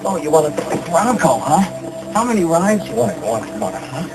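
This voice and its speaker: A man's voice: a little high, very animated, fairly quick, loud music behind the voice, poor audio. A cold, controlling father. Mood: soothing. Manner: cold and clipped in anger, softly coaxing with the child. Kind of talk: TV movie drama acting.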